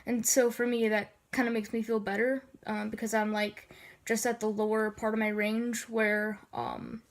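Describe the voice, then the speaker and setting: Woman, sniffly, slightly gravelly, hesitant casual voice tutorial, filler ums, fairly high voice. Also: level tone, moderate pace. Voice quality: slightly gravelly low register. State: sniffly from allergies.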